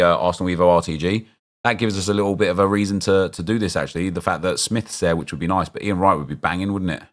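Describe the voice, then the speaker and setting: A man's voice: deep voice, steady tone, quick pace. A young man chatting casually as he streams a football game, rambling and answering his viewers' chat as he reacts to picks.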